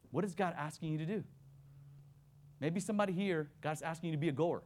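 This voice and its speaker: A man delivers a sermon from the pulpit in a fairly high voice. He moves from fervent, rising calls to action to quiet, hushed readings of scripture. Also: brisk, pauses often. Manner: impassioned, swings between loud exhortation and hushed reading. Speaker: guest preacher, missions worker.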